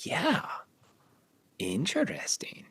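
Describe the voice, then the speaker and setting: A man in a laid-back podcast chat who talks slowly and lets his voice swing widely up and down. He is self-deprecating and laughs often, and his delivery turns halting when he reads aloud. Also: fairly high pitch, huge pitch swings, creaky, a bit bright, slightly rough, whispered. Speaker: podcast host. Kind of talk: casual podcast chat, reading his own poems aloud.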